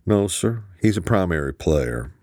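A man voicing a composed, cold male spy chief in an audiobook, speaking calmly and formally. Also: deep voice, a little slow, no room sound, studio quality, voice pushed up, heavily acted. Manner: calm, formal.

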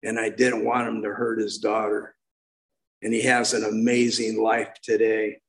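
A man's voice: fairly low pitch, completely flat delivery, unhurried, poor audio. A man in his sixties giving a heartfelt, rambling personal share as main speaker at a recovery meeting, often restarting his sentences.

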